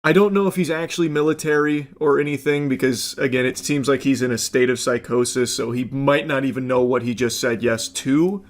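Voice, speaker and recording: A man's voice: medium pitch, steady tone, brisk, hardly any pauses. Rambling man narrating a video. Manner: rambling, speculative, lots of fillers. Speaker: commentator. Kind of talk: casual video commentary.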